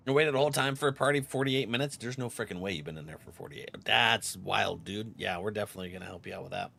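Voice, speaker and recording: This man's voice is gravelly and fairly quick as he streams a game. Chatting casually, he reads viewers' messages aloud, laughs a lot, and his pitch jumps around in a lively way.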